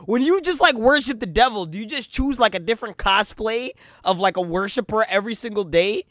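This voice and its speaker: A man's voice: high-pitched, lively intonation, a little fast, sharp tone, dry recording, studio quality. A man reacting to a clip with incredulous, profane quips in a casual way. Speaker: reaction streamer.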